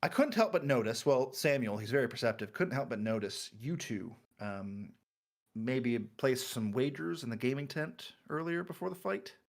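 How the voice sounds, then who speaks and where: A man's voice: medium pitch, expressive, moderate pace, creaky. Guy playing a chill chatty traveler dude, ordinary voice. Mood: friendly.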